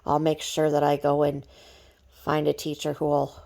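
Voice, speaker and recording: A doting mother hushes and soothes her upset daughter, as a vlogger puts her on. The voice is low and gravelly, gentle and placating. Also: completely flat delivery, normal speed. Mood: soothing. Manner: soothing, hushing.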